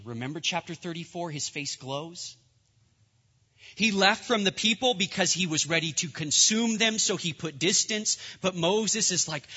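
A young male pastor preaching with a bright, forceful voice that rings through a long church reverb. His delivery is earnest and builds to emphatic peaks, and the recording sounds a little dull and lo-fi. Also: mid-range voice. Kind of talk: sermon.

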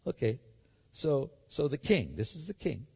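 A male pastor preaching a sermon, emphatic and animated, acting out the story as he reads it. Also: mid-range voice, a little slow, gravelly, husky. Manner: animated, emphatic, acts out the scripture. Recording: echoey hall, dull sound.

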